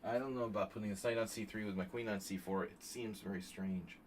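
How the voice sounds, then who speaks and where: A man streaming chess, chatting casually and thinking out loud with joking asides to his viewers. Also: lowish voice, steady tone, fast, slight background noise. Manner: chatty, thinking aloud, jokey asides to chat. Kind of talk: casual live-stream commentary.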